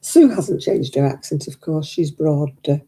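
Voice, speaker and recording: Woman, craft stream host, low mellow voice, rambling chat with lots of laughs, close desk mic. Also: animated, moderate pace. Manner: chatty and rambling, laughs often. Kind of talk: casual chat while knitting, reading viewer comments. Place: living room at home. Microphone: desk microphone.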